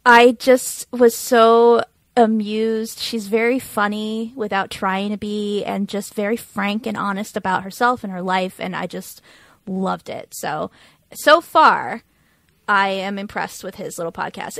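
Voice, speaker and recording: A woman's voice: mid-range voice, fairly even intonation, unhurried, creaky, fairly bright tone, dry recording. A woman co-hosting a podcast in casual chat, wry and giggly. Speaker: podcast co-host.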